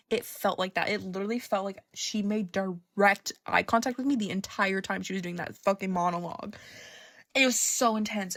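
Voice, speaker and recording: Young woman vlogger, mid-pitch, excitable and foul-mouthed, dry recording. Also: no echo. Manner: excitable, gushing and profane, laughing often. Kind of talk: casual storytime.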